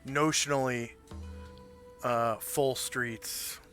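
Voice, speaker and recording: A man narrating a tabletop game as game master, describing scenes in an unhurried, loosely improvised way. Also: mid-range voice, fairly even intonation, fairly bright tone, soft background music.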